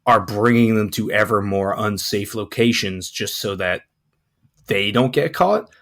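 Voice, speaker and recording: Croaky gravelly podcast co-host man. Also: lowish voice, unhurried. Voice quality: croaky morning voice. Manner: relaxed, rambling, frequent fillers. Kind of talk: casual chat.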